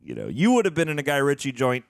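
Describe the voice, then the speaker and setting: A man's voice: medium pitch, huge pitch swings, quick pace, vocal fry, no echo, studio quality. A young man co-hosting a movie reaction, chatting casually, reading trivia aloud with many fillers and restarts.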